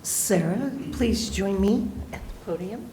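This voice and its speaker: A school board member reading a formal resolution aloud at a board meeting in a measured, formal way. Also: female voice, medium pitch, animated, warm tone, a little hiss or hum.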